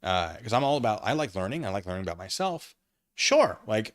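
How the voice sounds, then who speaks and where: A man's voice: on the low side, very animated, fairly quick, no room sound, studio quality. A man streaming live, chatting in a rambling, self-mocking way. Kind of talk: casual livestream chat.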